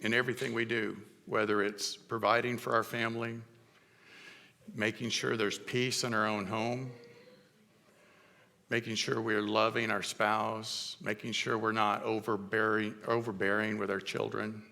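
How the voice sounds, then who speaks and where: A middle-aged man preaching a sermon as pastor, telling stories in a conversational way with halting restarts. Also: lowish voice, flat delivery, vocal fry, pushed and bright, long reverb tail. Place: church sanctuary.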